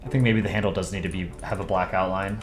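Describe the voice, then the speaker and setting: A deep-voiced, fast-talking young man chats with his livestream audience as he draws, answering their messages. The mood is relaxed and chatty, a casual stream conversation.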